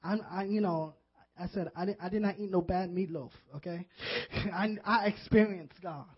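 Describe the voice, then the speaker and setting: A man, a pastor, preaching a sermon with earnest, animated delivery that builds into fervent emotion. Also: high voice, normal speed, husky. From Puerto Rican background. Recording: dull lo-fi audio.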